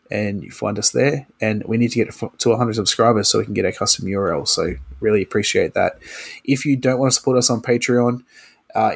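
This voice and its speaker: A man hosting a casual podcast, a few beers in and easygoing as he reads the announcements. His voice is husky and sits fairly low. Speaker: podcast host.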